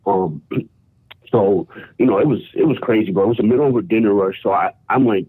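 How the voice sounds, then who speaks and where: A low-voiced man from New York speaks over a thin, tinny phone line, his voice husky and dry. He tells his story in animated street slang, dropping "bro" and "yo" all the time. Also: a little fast, no room sound. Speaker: caller. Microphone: phone call.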